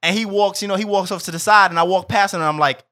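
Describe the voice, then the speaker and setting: A young man co-hosting a casual podcast, telling stories in a loose, profane, animated way and often laughing. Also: high voice, quick pace. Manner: animated storyteller, swears freely, breaks into laughter. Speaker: podcast co-host.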